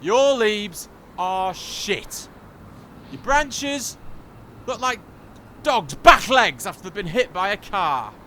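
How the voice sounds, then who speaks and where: A man's voice: high-pitched, lively intonation, slow, long pauses, a little hiss or hum, heavily acted. An actor playing an irate xenophobic man who rants theatrically at a tree in his garden outdoors. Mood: indignant. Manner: theatrical ranting, shouted chants.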